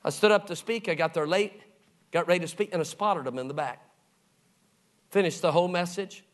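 Animated pastor, man, higher voice. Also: fairly quick. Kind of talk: sermon storytelling.

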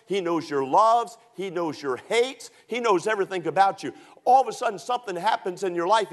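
Male preacher, high voice, emphatic, repeats points, sermon delivery.

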